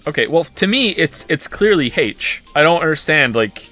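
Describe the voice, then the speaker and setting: A man's voice: on the high side, sing-song, normal speed, hardly any pauses, pushed and bright, faint music behind. A British man streaming live, reading an article aloud and stopping to comment on it and try out the words. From Britain. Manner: reads aloud and breaks off to comment, tries out pronunciations. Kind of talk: casual livestream chat, reading an article aloud.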